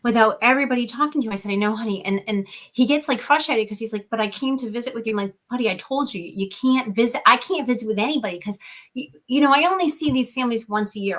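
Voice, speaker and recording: Bright-voiced woman telling lively stories. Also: on the high side. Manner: animated storytelling, acts out quoted dialogue. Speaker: guest, nonprofit founder. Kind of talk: casual interview chat.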